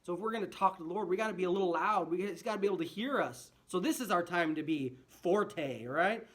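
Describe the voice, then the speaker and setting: A man's voice: sits high, quick pace, few pauses, a bit bright. A man teaching a children's music lesson, friendly and full of rhetorical questions, singing short phrases to demonstrate.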